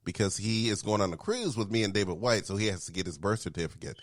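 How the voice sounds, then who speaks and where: A man co-hosting a podcast in casual chat on a studio mic, filling in with steady "mm-hmm"s. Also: fairly low pitch, fast, no room sound. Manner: constant "mm-hmm" backchannel, chatty. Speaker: podcast co-host. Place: small home studio. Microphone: studio microphone.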